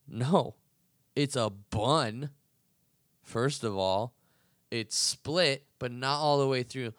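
A man's voice: medium pitch, takes it slowly, pauses often, fairly bright tone, no room sound, studio quality. A young man hosting a podcast, arguing heatedly and profanely in a casual ranting monologue. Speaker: podcast host.

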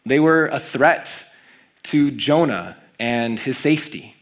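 A man preaching a sermon as a pastor, reading scripture aloud and stressing key words with animated emphasis. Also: medium pitch, slow pace.

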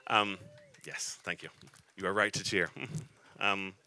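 A man in his thirties preaching a sermon in a conversational, halting way, with restarts and touches of humor. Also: sits low, fairly even intonation, pushed and bright, clean tone.

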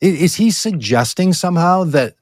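A man's voice: fairly high pitch, animated, normal speed, a little mellow, no echo. Male co-host, sarcastic ranter, dry close sound. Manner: sarcastic, ranting. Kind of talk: political commentary chat.

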